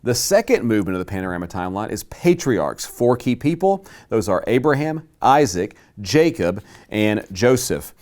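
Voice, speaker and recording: A man teaching a Bible class to a live group, emphatic and slowing down to stress key words. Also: on the low side, very animated, darkish tone.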